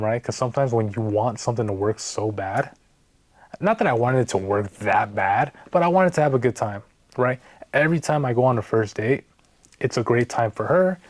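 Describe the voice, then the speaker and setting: A man's voice: medium pitch, no echo. A man telling a story in a casual vlog, in a frank, exasperated way that keeps checking in with "right?". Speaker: vlogger.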